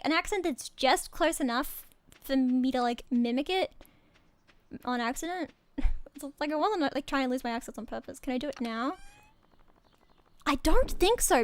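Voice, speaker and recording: A woman's voice: sits high, no echo. A young Australian woman chatting casually while streaming a game, rambling and giggling as she talks. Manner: rambling, giggly, self-interrupting. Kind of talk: casual gaming stream chat.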